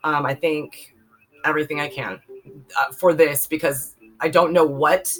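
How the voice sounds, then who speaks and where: She has a deep, fairly bright voice with a steady tone and measured pace, heard on a rough recording. A vlogger in her forties from the Bay Area, she tells her personal testimony candidly, emphatic and rambling, with lots of fillers.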